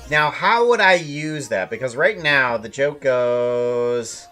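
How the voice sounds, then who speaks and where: With faint music in the background, an animator thinks aloud while planning a script, his medium-pitched voice animated, slow, and sharp in tone. He muses as he works, correcting himself and using many fillers.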